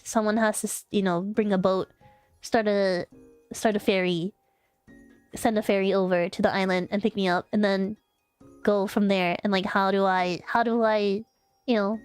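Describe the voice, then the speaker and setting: A woman's voice: medium pitch, clean tone. A young woman streamer telling a story in casual chat, rambling with lots of fillers and restarts.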